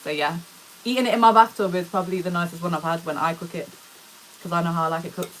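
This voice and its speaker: Young girl cooking on a live stream, lowish voice, slangy, chatting to her viewers. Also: steady tone, fast, a bit bright, a little hiss or hum. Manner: chatty, slangy, answers viewer comments aloud. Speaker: livestreamer. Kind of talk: casual live-stream chat while cooking. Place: home kitchen, indoors.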